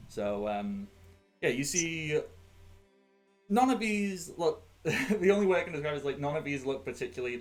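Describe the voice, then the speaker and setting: A game master from Sheffield in England chats casually at the tabletop, rambling and laughing a lot. He speaks with a medium-pitched, slightly mellow voice.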